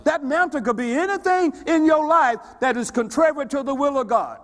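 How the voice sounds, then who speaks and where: A man preaching a sermon as pastor, swinging between steady teaching and shouted call-and-response questions to the congregation. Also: very high voice, normal speed. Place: church sanctuary. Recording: long church reverb.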